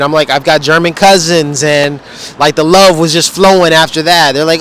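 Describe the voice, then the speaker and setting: A man vlogs casually outdoors beside a wall display, rambling in a laid-back way with slang. His voice is fairly high-pitched and fairly bright, at normal speed.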